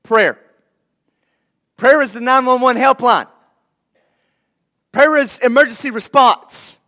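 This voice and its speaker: A man's voice: extremely high pitch, slow, pushed and bright. A man preaching a sermon to his church in a conversational way, laughing lightly now and then. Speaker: pastor.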